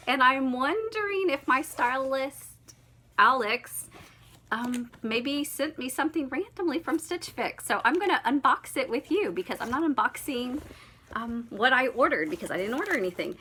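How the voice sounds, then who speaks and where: A young woman talks in a bright, somewhat high voice. She chats casually to her viewers, gushing and laughing easily as she goes. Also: lively intonation, normal speed, breathy edge. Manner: gushing, chatty, laughs often. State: slightly out of breath after walking dog. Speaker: vlogger. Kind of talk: casual unboxing vlog.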